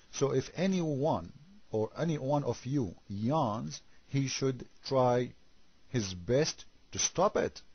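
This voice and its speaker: Husky-voiced sarcastic man, native Arabic speaker. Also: medium pitch, no echo, dull audio. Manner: sarcastic, full of rhetorical questions. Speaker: religious debater. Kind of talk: critical commentary on scripture.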